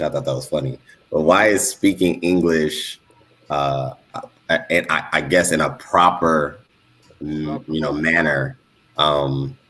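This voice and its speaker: A man from Los Angeles with an extremely deep, low voice, speaking in a casual panel chat. He feels his way through questions, pausing with ums and restarting his sentences. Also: a bit bright. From Los Angeles, USA. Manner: hesitant, questioning, many fillers. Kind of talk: casual discussion.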